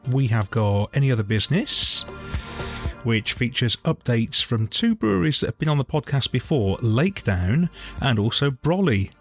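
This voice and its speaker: A man's voice: medium pitch, big pitch swings, moderate pace, faint music behind. A man co-hosting a casual podcast, upbeat and enthusiastic as he runs through the show. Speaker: podcast co-host.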